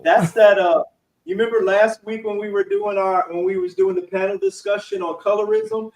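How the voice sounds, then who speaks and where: Male panel host, expressive and chatty, roomy room sound with the mic at a distance. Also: sits high, normal speed, creaky. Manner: chatty, works the screen while talking. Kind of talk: casual panel chat.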